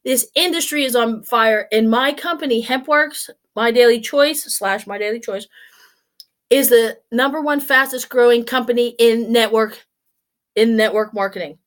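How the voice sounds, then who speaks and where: Speaking casually to the camera, a woman vlogger in her forties tells stories in a blunt way, swearing freely. Her voice is a little high, and her pace is moderate.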